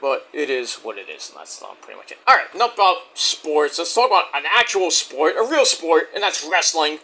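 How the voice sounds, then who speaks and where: A man's voice: a little high, brisk. A man casually reviewing a wrestling show, rambling and cursing freely as he recaps. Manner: profane, rambling, animated.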